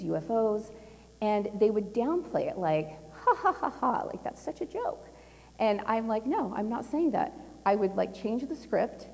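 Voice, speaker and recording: A middle-aged woman speaks to a conference crowd in a loose, storytelling way, with plenty of laughter and fillers. Her voice sits in a middle pitch and carries a long reverb off the walls of a large hall. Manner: chatty and animated, laughing often, with lots of fillers. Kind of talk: casual personal storytelling talk.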